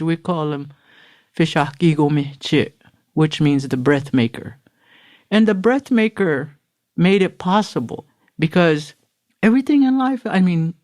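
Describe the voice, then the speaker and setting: A woman's voice: lowish voice, a little mellow. A middle-aged woman from Florida, a podcast guest, giving an earnest, emotional personal recovery testimony and acting out the quotes she retells. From Florida, USA.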